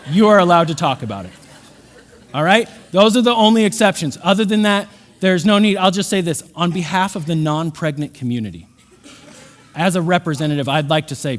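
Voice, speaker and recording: A man, preaching a humorous sermon and telling stories with acted-out quotes. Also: fairly high pitch. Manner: animated storytelling with quoted voices. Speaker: pastor.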